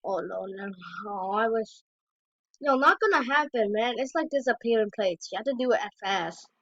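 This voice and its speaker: A woman's voice: fairly high pitch, animated, normal speed, fairly bright tone, no echo. A woman giving casual reaction commentary on fail clips as a YouTuber, exclaiming short reactions. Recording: dry, dull lo-fi recording.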